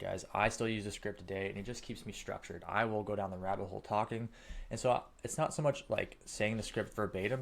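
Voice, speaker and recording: A man teaching sales techniques in an emphatic coaching style, often checking in with a quick "okay?". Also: on the low side, vocal fry. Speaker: sales trainer. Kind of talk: coaching lesson.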